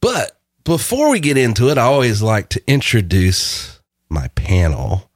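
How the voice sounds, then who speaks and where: A man's voice: mid-range voice, very animated, unhurried, no echo, studio quality. A man hosting a podcast in casual chat, rambling and laughing often. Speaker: podcast host.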